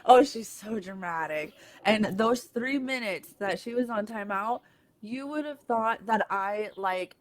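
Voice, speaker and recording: A woman in relaxed podcast talk, mid-pitched and natural. She tells her stories with animation, slipping into little voices for the people in them. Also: unhurried. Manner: animated storyteller who acts out voices in her anecdotes. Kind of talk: casual chat.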